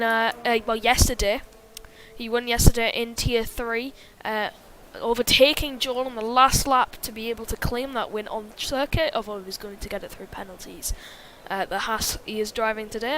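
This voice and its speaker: A woman doing live commentary on an online racing league, chatty and full of fillers, reading viewer chat as she goes. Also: a little high. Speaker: race commentator.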